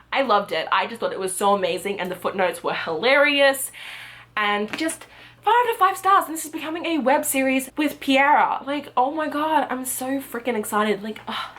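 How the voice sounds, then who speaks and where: A young woman vlogging her monthly reading wrap-up in a casual, gushing way, often jumping into loud, excited squeals. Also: mid-range voice. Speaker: book vlogger.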